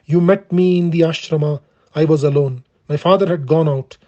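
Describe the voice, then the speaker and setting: Male reader voicing a proud, wronged young woman, kept plain and earnest; slightly high, soft-toned. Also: moderate pace, lightly acted. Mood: pleading. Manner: steady earnest reading in the performer's own voice. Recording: dull lo-fi recording.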